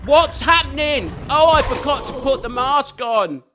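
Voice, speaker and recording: Very high-voiced excitable gamer. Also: male voice, a little slow, background noise. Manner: excitable, chatty, swears mildly, talks to the game character. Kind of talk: let's play commentary.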